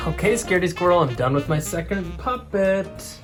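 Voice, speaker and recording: A man's voice: high voice, expressive, moderate pace, hardly any pauses, faint music behind. Man teaching a kids' craft. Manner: friendly, step-by-step instruction. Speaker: art teacher. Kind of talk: children's craft lesson.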